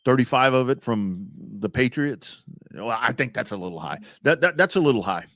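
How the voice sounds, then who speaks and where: A man's voice: medium pitch, lively intonation, normal speed, a bit bright, no room sound, studio quality. A male sports talk co-host, chatty and joking, with casual swearing.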